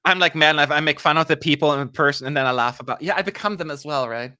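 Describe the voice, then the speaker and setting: A man from Germany hosts a live stream in a casual, chatty way, with a bright, forceful voice. He pokes fun at himself and has a dry, sarcastic streak, and he reads viewer questions aloud. The sound is dry and close. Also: fairly high pitch, quick pace, no echo.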